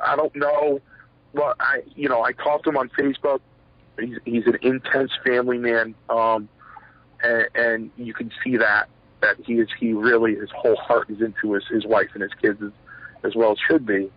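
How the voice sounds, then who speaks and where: A man's voice: medium pitch, little pitch movement, normal speed, breathy edge, dry recording. A middle-aged man, a former pro wrestler, telling stories in a rambling interview, full of fillers and acted-out quotes. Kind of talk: shoot interview storytelling. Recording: dull lo-fi sound, dry.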